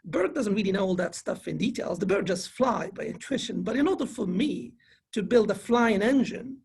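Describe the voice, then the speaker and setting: A male finance professor lectures earnestly to an online conference audience. His voice sits fairly high and carries a gravelly, husky grain. He often restarts his phrases mid-thought. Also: expressive, normal speed, darkish tone. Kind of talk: conference presentation.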